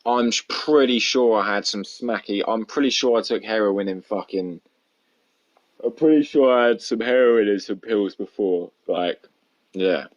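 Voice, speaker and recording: A man's voice: fairly low pitch, measured pace. A man hosting a casual solo podcast, rambling and candid, swearing constantly. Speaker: podcast host. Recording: dull lo-fi recording.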